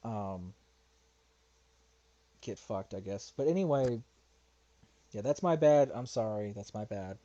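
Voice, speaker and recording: On dull-sounding audio, a man with a lowish, dark voice talks animatedly yet slowly, leaving long pauses. He streams a response video with rambling, casual commentary, getting frustrated and muttering curses to himself as he searches.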